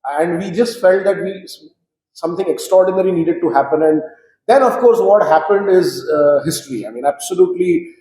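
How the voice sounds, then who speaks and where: A man recalling old cricket matches in an animated, storytelling way, with frequent fillers. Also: high voice, brisk. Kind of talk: reminiscing conversation. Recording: roomy echo.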